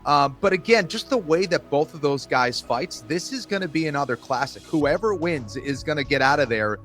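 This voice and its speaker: A man giving a measured fight analysis, pausing on filler words. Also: fairly high pitch, lively intonation, a bit bright, faint music behind.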